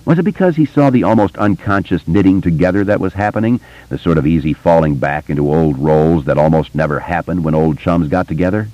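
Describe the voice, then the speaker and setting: A man reading an audiobook in scripted narration, expressive and varied. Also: low voice, fairly quick, few pauses, no room sound. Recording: dull, muffled dry recording.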